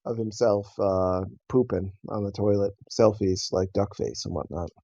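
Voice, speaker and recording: A man co-hosting a comedy podcast, making dry, deadpan asides. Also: lowish voice, moderate pace, dull audio. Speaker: podcast co-host.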